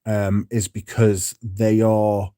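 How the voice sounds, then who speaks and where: Blunt, sweary man, mellow low voice. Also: level tone, slow, no echo, studio quality. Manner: blunt and profane; reads out viewer comments. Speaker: livestream host. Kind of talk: casual livestream chat.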